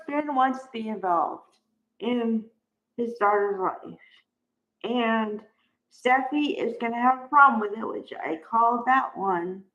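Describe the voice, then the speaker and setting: Woman, high voice, unhurried; casual soap recap, exasperated commentary, dull recording. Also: fairly bright tone. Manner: chatty, exasperated, acts out quotes. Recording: dull lo-fi audio.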